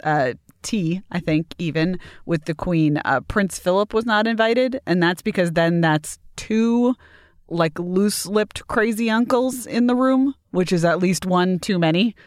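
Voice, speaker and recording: A woman on a discussion panel, chatty and wry, halting with fillers. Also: on the low side, no echo, clean studio sound. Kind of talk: podcast discussion.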